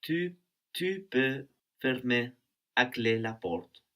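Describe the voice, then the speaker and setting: A man's voice: medium pitch, expressive, takes it slowly, fairly bright tone. A man answering as a student in a language lesson, careful and a little hesitant.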